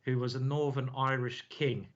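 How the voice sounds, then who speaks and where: A man's voice: medium pitch, level tone, moderate pace. An English man hosting casual live chess commentary, talking in a chatty, joking way and laughing often. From England. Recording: dull lo-fi stream audio.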